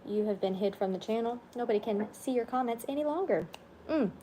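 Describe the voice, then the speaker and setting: A woman's voice: fairly high pitch, a little fast, a little hiss or hum. A woman chatting on a casual livestream, tired and under the weather, rambling and yawning. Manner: rambling, yawning, soft-spoken asides. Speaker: vlogger on a livestream.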